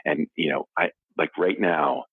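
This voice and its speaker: Middle-aged man, low and husky, heartfelt and halting, on a phone call. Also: fairly even intonation, no room sound. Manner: earnest, halting with restarts, walking while talking. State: teary. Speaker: interview guest, foundation founder. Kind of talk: emotional phone interview. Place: his office. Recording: phone line.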